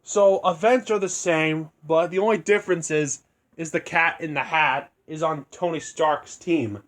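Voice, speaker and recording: A man's voice: a little high, fairly even intonation, measured pace, a bit bright. A young man casually telling a made-up fan story, rambling and restarting his sentences as he goes. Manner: rambling, restarts often, unscripted. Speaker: video creator.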